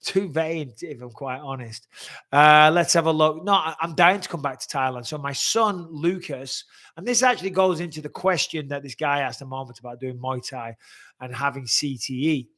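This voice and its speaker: A man in his forties hosting a casual live-stream Q&A, reading out viewer questions and answering them bluntly, chatty and quick to swear. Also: fairly high pitch, a bit bright. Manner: blunt, chatty, swears freely, repeats himself.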